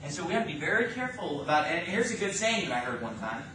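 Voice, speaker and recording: Pastor, male, high bright voice, emphatic sermon delivery, far-off mic in a very echoey church. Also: very animated, quick pace, noisy background. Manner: emphatic preaching, rising and falling in force. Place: church sanctuary.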